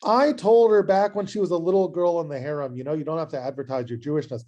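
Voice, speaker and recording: A man's voice: a little high, fairly even intonation, quick pace, warm tone, close to an everyday voice. A man voicing an insistent older guardian. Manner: insistent, reasoning aloud.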